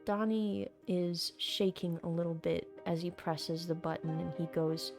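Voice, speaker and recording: A woman game master narrating a tabletop game in slow, deliberate storytelling. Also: lowish voice, level tone, vocal fry, over music.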